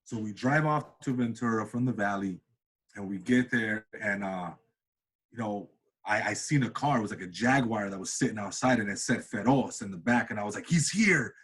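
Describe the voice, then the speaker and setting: A man's voice: brisk, slightly rough. A man in his thirties, an interview guest, telling a story in a casual way and acting out the voices of the people in it. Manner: animated, acts out quoted voices with big pitch jumps. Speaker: interview guest, comedian and cinematographer.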